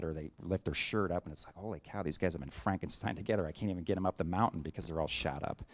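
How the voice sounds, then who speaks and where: A middle-aged man giving a sermon, telling a personal story with acted-out dialogue and building to emphatic preaching. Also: sits low. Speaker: guest preacher.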